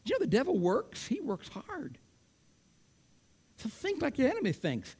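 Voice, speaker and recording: A man preaching a sermon, swinging between loud declarations and hushed whispers. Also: very high voice, wildly swooping pitch, normal speed, breathy edge.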